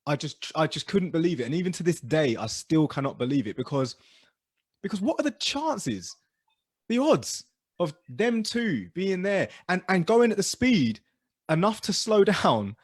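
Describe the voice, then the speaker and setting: A man telling stories as co-host of a casual podcast chat, animated and dropping low and quiet for asides. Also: moderate pace, breathy edge, dry recording, studio quality.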